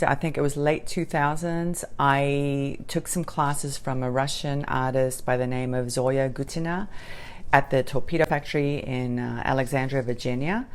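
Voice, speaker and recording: A middle-aged woman with a faint Australian accent blended with American, chatting casually to camera about herself, with many ums and restarts. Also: very deep voice. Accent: light Australian mixed with American. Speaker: jewelry maker and channel host.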